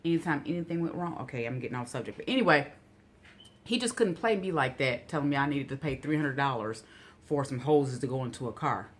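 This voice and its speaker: A woman vlogger telling a rambling, casual story full of "you know" asides, getting animated and incredulous when outraged. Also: extremely low pitch, brisk.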